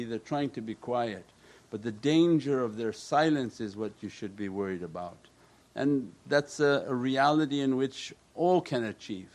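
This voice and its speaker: Man, religious teacher, calm measured sermon voice, answering questions. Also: medium pitch. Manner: calm, repetitive, with Arabic prayer phrases.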